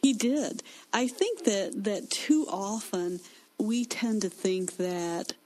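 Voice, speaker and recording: A woman's voice: medium pitch, animated, slow, a little mellow, slight background noise, low-quality recording. Emphatic woman teaching scripture. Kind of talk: Christian discussion.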